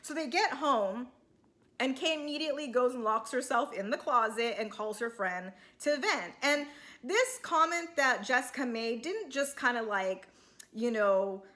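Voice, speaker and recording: A woman's voice: fairly high pitch, animated, a little slow, pushed and bright. A woman giving a casual, heated recap of a reality show, chatty and full of filler words.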